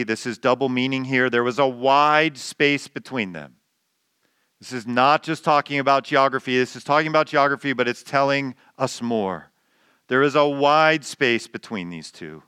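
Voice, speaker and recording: Male pastor, animated sermon delivery, bright tone, dry close-miked sound. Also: mid-range voice, smooth, dry recording. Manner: animated, reads scripture aloud and acts out the shouting.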